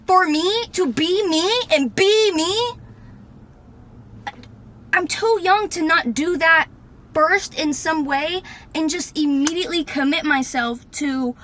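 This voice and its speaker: A woman in her twenties ranting unscripted to her camera, fired up and swearing, sometimes shouting. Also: extremely high pitch. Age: 20s. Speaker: vlogger. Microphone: camera mic.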